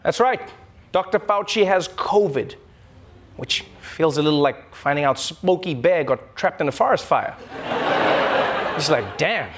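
A man's voice: on the high side, animated, unhurried, pauses often. A man hosting a late-night comedy monologue, playful and laughing through his jokes in a TV studio. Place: TV studio with audience. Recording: studio audience noise.

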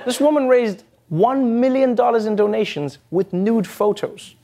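High-voiced man hosting a comedy show. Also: a little slow, warm tone. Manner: joking, laughing between punchlines. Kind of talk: scripted comedic commentary.

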